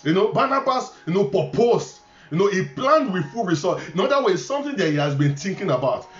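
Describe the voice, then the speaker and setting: Emphatic Nigerian preacher in an echoey church. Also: male voice, high voice, sing-song, brisk. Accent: Nigerian English. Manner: repetitive, emphatic, stammering restarts, chuckling asides. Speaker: pastor. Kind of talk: sermon. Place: church hall. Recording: echoey, dull church recording with faint ambience.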